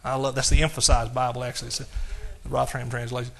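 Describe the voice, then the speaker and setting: A male pastor preaching an exuberant sermon, shouting praise and reading scripture slowly and emphatically. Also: medium pitch, level tone, creaky.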